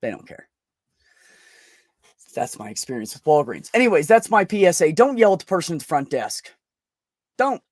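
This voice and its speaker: A man's voice: on the high side, sing-song, normal speed, long pauses, dry recording, studio quality. A middle-aged man hosting a podcast, venting bluntly in casual chat with heavy swearing. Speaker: podcast host.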